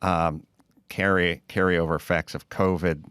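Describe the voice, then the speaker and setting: A man's voice: low-pitched, flat delivery, unhurried, a bit bright, smooth, no room sound, clean studio sound. A male podcast host riffing in casual comedic chat, rambling and sardonic.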